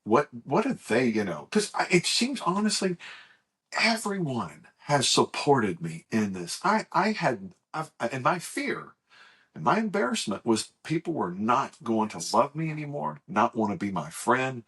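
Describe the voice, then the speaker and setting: Middle-aged man, husky voice, lively swings in pitch, halting animated storytelling, podcast co-host. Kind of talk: casual chat, personal storytelling.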